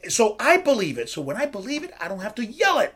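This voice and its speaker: A middle-aged man hosting a casual podcast, with a lively voice that climbs and dips as he talks. He talks like a coach, swears freely and quizzes himself before he answers. His voice sits a bit high for a man. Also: quick pace, husky. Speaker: podcast host and strength coach.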